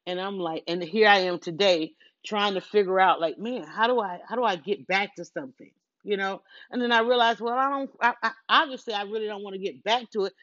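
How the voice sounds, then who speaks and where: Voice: mid-range voice, brisk, pushed and bright, no echo. A middle-aged podcast host and longtime blogger in a casual, reflective monologue, rambling, restarting words and quoting their own thoughts aloud. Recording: dull lo-fi dry recording.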